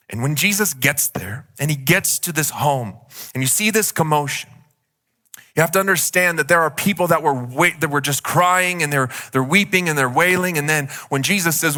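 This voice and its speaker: A man's voice: a little high, moderate pace, bright, forceful tone. A male pastor giving a conversational sermon, often saying "like" as he speaks. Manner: conversational, heavy use of "like".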